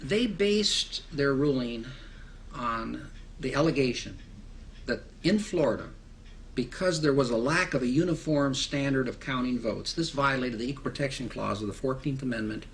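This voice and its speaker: A man's voice: medium pitch, normal speed, slight background noise. A man interviewed for a documentary, speaking in an indignant, rhetorical manner. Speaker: interviewee commentator.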